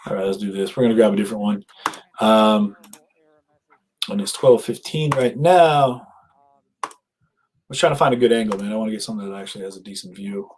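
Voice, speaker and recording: A man's voice: on the low side, fairly quick, long pauses, a little mellow, slight background noise, rough recording. A man hosting a livestream in casual commentary, chatty and rambling, talking into a headset at his streaming setup. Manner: chatty, rambling, laughs at himself. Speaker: livestream host.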